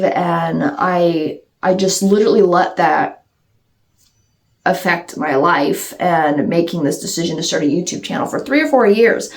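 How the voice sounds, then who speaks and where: A woman's voice: fairly low pitch, moderate pace, gravelly. A woman talking candidly to her viewers in a casual Q&A vlog, rambling and restarting her sentences as she goes. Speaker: YouTuber answering viewer questions.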